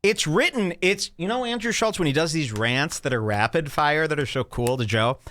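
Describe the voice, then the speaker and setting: A man's voice: a little high, moderate pace. A man hosting a podcast, reacting to clips with casual, mocking commentary. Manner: animated, mocking, jumps between loud and quiet.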